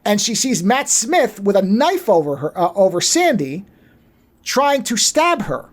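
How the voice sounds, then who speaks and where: Man, high voice, chatty podcast co-host, lively profane plot recap. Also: unhurried. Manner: animated storyteller, swears freely. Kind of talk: casual movie recap.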